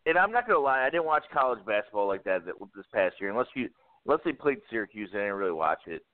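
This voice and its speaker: A man's voice: fairly low pitch, sing-song, fast talker, no room sound. A man co-hosting a sports podcast, giving blunt, emphatic opinions in casual chat. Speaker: podcast co-host. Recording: phone-like dry line.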